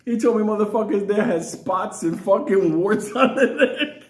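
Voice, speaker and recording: A man's voice: high-pitched, moderate pace, echoey room. A man telling a crude story casually, laughing often and acting out other people's lines. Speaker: storyteller host.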